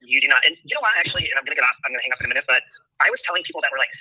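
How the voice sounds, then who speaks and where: Fast, gossipy male caller on a dry line. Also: fairly high pitch, lively intonation, sharp tone, slightly rough, no echo, rough recording. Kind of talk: casual phone-in chat.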